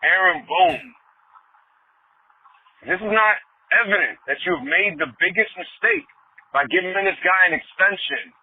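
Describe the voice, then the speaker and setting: A man in his forties, a caller on a sports talk show, ranting angrily about his team with swearing and loud outbursts. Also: sits high, lively intonation, unhurried, long pauses, husky. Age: 40s. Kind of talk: angry sports fan rant. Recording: tinny phone line.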